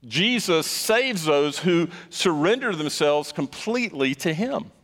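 A man's voice: fairly high pitch, animated, measured pace, fairly bright tone, long reverb tail. A man preaching a sermon as pastor, emphatic and stressing points by repeating words.

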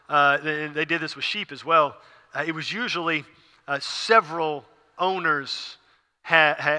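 A man's voice: fairly high pitch, pushed and bright, big-room sound. A man preaching a sermon, explaining a passage with frequent fillers and restarts. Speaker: pastor.

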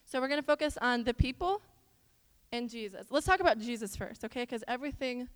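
A young woman from Iowa giving a chatty church lesson in an animated way, with stories and asides to the listeners. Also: on the high side, brisk. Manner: animated, talks straight to the audience with asides. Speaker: church speaker. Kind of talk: chatty sermon with storytelling. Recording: long hall reverb.

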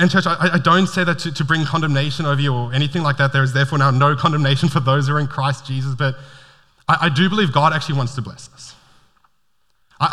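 A bright, forceful man preaching to his church, earnest and stumbling over the first words of his sentences. His voice rings through a church hall with a long reverb trailing after it, picked up on a stage mic. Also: a little high. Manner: earnest, repeats words when starting sentences. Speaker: pastor. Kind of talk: sermon.

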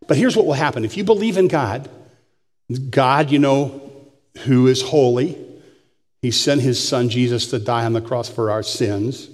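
A man's voice: medium pitch, unhurried, pauses often. An older man, a pastor, preaching a sermon with folksy, humorous storytelling in a church sanctuary. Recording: long church hall reverb.

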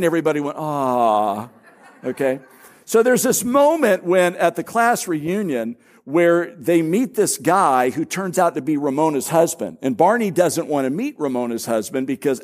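A man's voice: on the high side, a little mellow. A middle-aged man preaching as a pastor, telling stories conversationally with self-deprecating humor. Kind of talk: conversational sermon.

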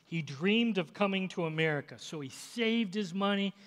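A man preaching a sermon, impassioned, swelling and then dropping to a hush. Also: high voice, lively intonation, moderate pace. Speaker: pastor. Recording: long reverb in a large hall.

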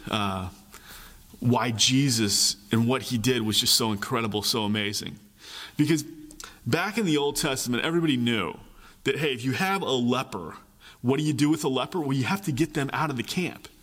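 A man preaching a sermon, animated, repeating phrases for emphasis and acting out voices. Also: on the high side, big-room sound. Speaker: pastor.

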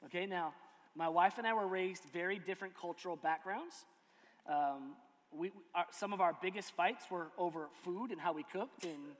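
Animated pastor co-host, man, lively storyteller, long reverb. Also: high voice. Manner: animated storyteller, loud mimicking bursts. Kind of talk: casual chat.

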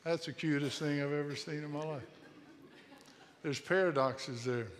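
Earnest fifty-something preacher in a reverberant hall. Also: male voice, on the high side, moderate pace. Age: 50s. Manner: earnest, repetitive exhortation with restarts. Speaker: pastor. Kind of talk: sermon.

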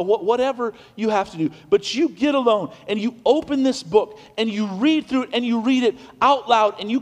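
A man preaching from the pulpit in a high, light voice, one moment loud and declaring, the next hushed and soft. He talks to the congregation conversationally, with restarts and asides, and his words ring out through a long reverb in the church hall. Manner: preaches with big swings from loud declarations to quiet hushed passages. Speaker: pastor. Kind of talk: sermon. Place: church sanctuary.

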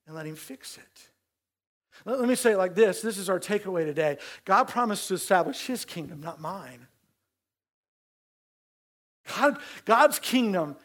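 High-voiced male pastor preaching. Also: a bit bright. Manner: conversational preaching with emphatic repeats. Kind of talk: sermon.

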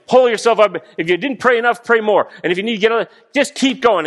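A man preaching a sermon, animated, acting out voices as he explains a passage. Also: high-pitched, brisk. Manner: animated, acts out voices of God and people. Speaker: guest preacher.

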